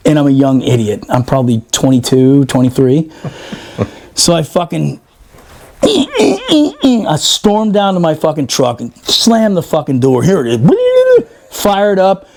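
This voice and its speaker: A man, a former Marine, telling a profane, animated story on a podcast and laughing often. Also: on the high side, a little slow. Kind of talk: casual storytelling.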